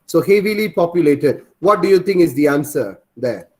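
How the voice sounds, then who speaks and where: Male teacher, slightly high voice. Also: animated, normal speed. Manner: repeats points and quizzes students. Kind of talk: online class teaching.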